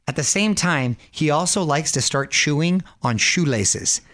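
A man's voice: fairly high pitch, unhurried. A man co-hosting a radio show, telling family stories in casual chat with frequent laughter. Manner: laughing, animated storytelling.

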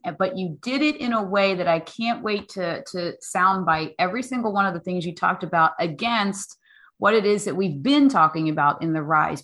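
Woman host, bright tone, enthusiastic, affirming, eager to reflect back ideas. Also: mid-range voice. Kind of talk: casual chat.

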